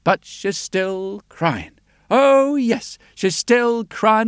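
A man telling a folk tale aloud in a lilting, unhurried way, with asides to the listener. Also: high voice, animated, clean tone, dry recording, clean studio sound. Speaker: storyteller. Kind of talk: oral storytelling. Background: soft guitar.

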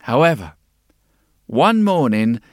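A man telling a fairy-tale-style story in a gentle, unhurried way, repeating words for effect. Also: mid-range voice, very animated, no room sound, clean studio sound. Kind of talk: bedtime-story narration.

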